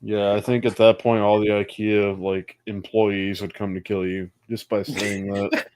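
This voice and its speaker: A man's voice: on the low side, level tone, measured pace, darkish tone, dry recording. A man co-hosting a podcast, chatting casually in a laid-back way with short replies. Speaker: podcast co-host. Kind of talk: casual chat.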